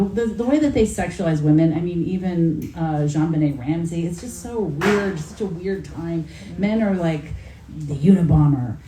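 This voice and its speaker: A woman's voice: lowish voice, mellow. A woman author chatting at a bookstore event, talking with many fillers and restarts. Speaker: author in conversation. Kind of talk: casual chat at bookstore event. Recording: roomy hall, faint background noise.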